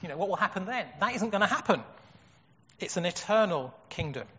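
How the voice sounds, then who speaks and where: A man's voice: sits high, animated, brisk, pushed and bright, slight background noise. A man preaching a sermon in an earnest way, asking rhetorical questions. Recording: dull echoey hall.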